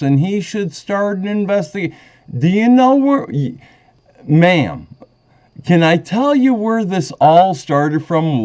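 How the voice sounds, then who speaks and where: On a dull, lo-fi phone line recorded from his side, a man with a fairly high, darkish voice complains to a sheriff's office. He rambles in agitation, swinging between indignant anger and moments where he gets choked up.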